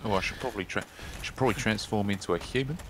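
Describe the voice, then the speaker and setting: Co-op gamer, man, lowish voice, teasing and animated, game noise behind. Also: racing. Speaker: co-op player. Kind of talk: casual co-op gaming chat.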